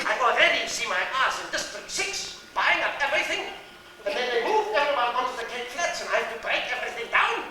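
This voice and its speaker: An actor playing an elderly European-born refugee landlord with a Yiddish-inflected accent, sardonic and profane, in a theatre monologue. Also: male voice, extremely high pitch, sing-song, quick pace, pushed and bright, a little hiss or hum, full character voice. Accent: Yiddish-inflected English. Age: older. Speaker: stage character in a monologue. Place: theatre stage before a laughing audience. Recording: distant, echoey theatre stage recording.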